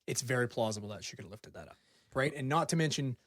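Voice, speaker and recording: A young man co-hosting a casual podcast, an excitable storyteller who laughs a lot and jokes around. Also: mid-range voice, fast talker, no room sound, clean studio sound. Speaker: podcast co-host. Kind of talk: casual chat.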